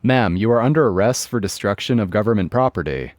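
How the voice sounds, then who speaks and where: A man reading the lines of a calm, polite police officer in a formal, measured way. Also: lowish voice, no echo, clean studio sound, faint music behind, natural voice.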